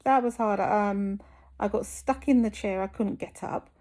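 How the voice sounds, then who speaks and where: A woman's voice: medium pitch, measured pace, a little mellow. A woman from the UK talking candidly to camera in a vlog, hesitant with many ums and restarts, and tired. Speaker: fitness vlogger recovering from surgery.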